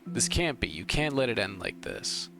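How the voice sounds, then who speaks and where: Young guy ranting at a game, mid pitch, music playing behind. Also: very animated, normal speed, vocal fry. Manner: rambling, heated, talks to the screen. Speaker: let's play gamer. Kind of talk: emotional gameplay commentary.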